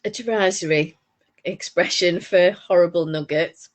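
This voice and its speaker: A woman's voice: on the low side, moderate pace. A woman from northern England, co-hosting a crafting podcast in casual, rambling chat full of restarts. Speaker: podcast co-host.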